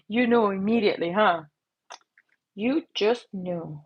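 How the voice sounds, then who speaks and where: A middle-aged woman chats playfully on a livestream while she paints, unhurried and a little breathy. She slips into silly voices and whispers. The stream audio sounds dull and lo-fi. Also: medium pitch. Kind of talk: casual live-stream chat while painting. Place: at her painting desk.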